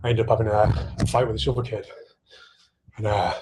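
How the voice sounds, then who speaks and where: A man's voice: fairly low pitch, little pitch movement, brisk, a little mellow. A man in casual livestream chat, answering viewer questions while pedalling an exercise bike, rambling, swearing freely and poking fun at himself.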